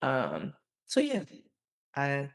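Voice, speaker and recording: Animated storytelling co-host. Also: male voice, mid-range voice, very slow, creaky. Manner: animated, laughs often, squeals when quoting. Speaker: teacher and podcast co-host. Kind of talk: casual storytelling.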